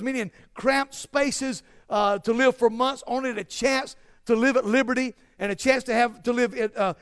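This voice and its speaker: A man preaching a sermon, with many restarts and a repeated cadence that climbs to shouted emphasis. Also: extremely high pitch, clean tone. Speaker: pastor.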